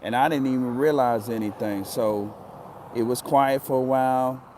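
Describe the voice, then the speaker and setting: A man's voice: mid-range voice, moderate pace, darkish tone, a little hiss or hum. A man telling a personal story in a casual, earnest way, often repeating himself for emphasis.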